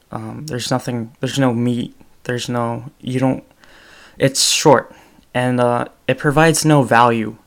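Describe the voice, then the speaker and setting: A man's voice: mid-range voice, gravelly. A young man hosting his own podcast, talking casually about storytelling with many ums and restarts. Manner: rambling, frequent ums and restarts. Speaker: podcast host. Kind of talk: casual solo podcast talk.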